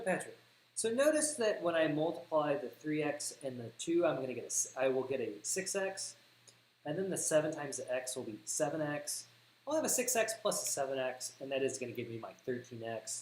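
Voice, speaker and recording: Southern man teaching algebra, lively pitch. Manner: thinks aloud, corrects himself, repeats words for emphasis. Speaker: math teacher. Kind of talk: livestream algebra lesson. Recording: echoey room with faint hiss.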